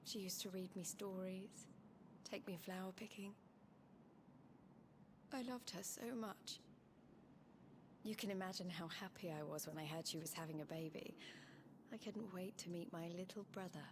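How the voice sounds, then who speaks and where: An actress playing a wistful young warrior woman in a video game, speaking softly and reflectively. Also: fairly low pitch, steady tone, normal speed, pauses often, noisy background, close to an everyday voice. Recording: game audio with music behind.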